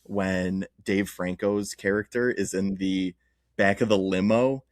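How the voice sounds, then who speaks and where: A man's voice: deep voice, fairly even intonation, slow pace, no room sound, clean studio sound. A young man, a podcast co-host, chatting casually and telling stories with easy laughs. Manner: storytelling, laughs easily. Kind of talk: casual chat.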